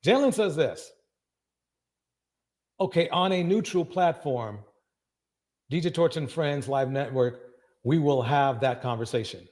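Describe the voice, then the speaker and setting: A man's voice: on the high side, measured pace, pauses often. Man hosting a live reaction stream. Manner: emphatic, repeats phrases, loud bursts of agreement. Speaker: livestream reaction host.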